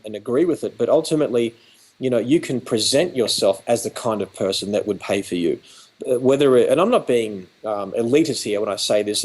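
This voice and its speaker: An Australian man speaks at a middling pitch in a chatty, storytelling way on a video call. He acts out little back-and-forth exchanges as he goes, like an educator walking someone through a lesson. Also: a little mellow. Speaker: photography educator. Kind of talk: animated conversational storytelling.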